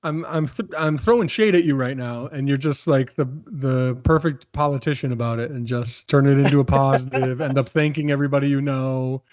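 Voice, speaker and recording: A man's voice: medium pitch, a little fast, few pauses, a little mellow, dry recording, highs cut off. Playful man host in a dry room. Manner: teasing, playful, asks questions. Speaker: podcast host asking questions. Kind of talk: casual chat.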